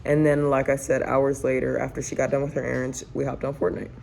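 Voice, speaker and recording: A woman's voice: rumbling low, level tone, a little fast, creaky, darkish tone, a little hiss or hum, poor audio. A young adult woman chatting through a rambling storytime in her home kitchen while cooking, full of fillers. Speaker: family vlogger. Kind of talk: casual storytime chat.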